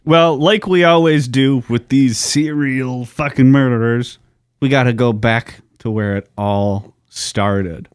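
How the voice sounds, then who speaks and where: A man's voice: medium pitch, slow pace, clean tone, no echo. Joking, profane man on a podcast. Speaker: podcast co-host. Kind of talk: casual true-crime podcast chat. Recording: dry, close podcast recording.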